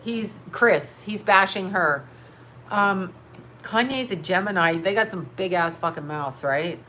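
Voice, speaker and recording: A woman's voice: lowish voice, unhurried, bright, forceful tone, a little hiss or hum. A woman hosting a casual commentary show, rambling frankly with lots of swearing and frequent bursts of laughter. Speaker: host.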